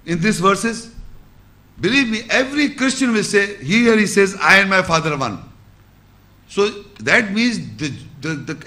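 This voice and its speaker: Bright-voiced man giving a religious lecture. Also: sits high. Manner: explains scripture with repetition and rhetorical questions; recites Arabic verses quickly. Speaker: Islamic lecturer.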